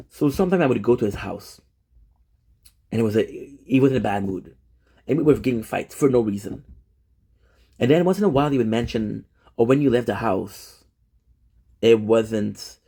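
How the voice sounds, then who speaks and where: A man's voice: mid-range voice, vocal fry, mellow, slightly rough. A man in casual personal talk to camera, emotional and repetitive, swearing often. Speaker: vlogger.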